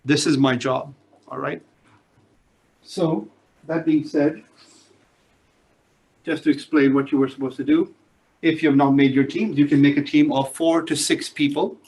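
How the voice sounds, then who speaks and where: A man teaching a classroom of students, his voice sitting a little high and carrying a husky, slightly rough edge. He speaks directly and keeps checking that the class is following. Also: fairly even intonation, unhurried, long pauses, darkish tone. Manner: direct, repeatedly checks with "all right?". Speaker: business school professor. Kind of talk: classroom instruction.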